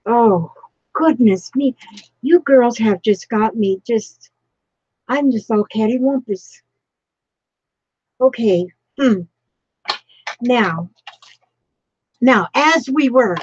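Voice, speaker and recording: A woman's voice: on the high side, takes it slowly, pauses often, darkish tone, slightly rough, dry recording, muffled recording. A woman chatting through a casual craft tutorial, emotional and overwhelmed, with frequent breathless exclamations. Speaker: crafting vlogger.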